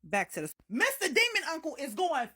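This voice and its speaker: Aave woman doing storytime, high pitched, animated, cusses a lot, over the top. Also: brisk. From Chicago. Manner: animated, profane, dramatic storytelling. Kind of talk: casual storytime.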